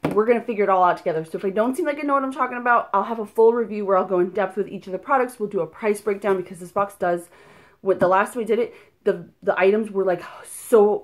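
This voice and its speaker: A young woman hosting a casual unboxing video, talking in a chatty, rambling way with lots of fillers. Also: mid-range voice. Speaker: unboxing vlogger.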